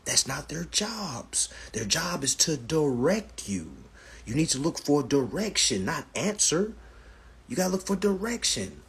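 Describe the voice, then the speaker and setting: Very husky, animated man. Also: on the high side, measured pace. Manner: animated, profane storytelling, addresses viewers as family. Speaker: live stream host. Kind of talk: casual live-stream talk.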